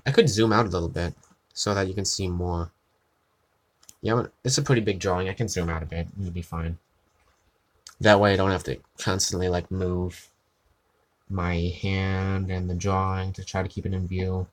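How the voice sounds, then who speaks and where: A man's voice: deep voice, fairly even intonation, moderate pace, pauses often. A tired man chatting casually on a live art stream, rambling and self-deprecating, with casual swearing.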